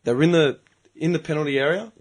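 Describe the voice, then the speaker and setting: A middle-aged Australian man telling a story in casual podcast chat, animated and profane. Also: fairly high pitch, fast. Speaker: podcast host.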